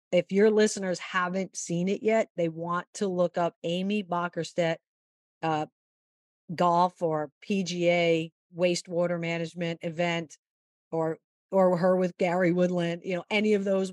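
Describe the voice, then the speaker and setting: A woman golf mental-game coach giving a long, animated interview answer and acting out the quotes in her story. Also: on the low side, measured pace, no echo, clean studio sound.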